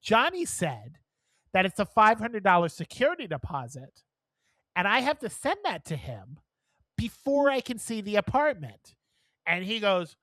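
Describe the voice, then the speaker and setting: A woman co-hosting a podcast, telling a story in a casual, animated way, swearing freely and acting out the people she quotes. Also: medium pitch, normal speed, no room sound. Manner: animated, profane, acts out quoted dialogue. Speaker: podcast co-host.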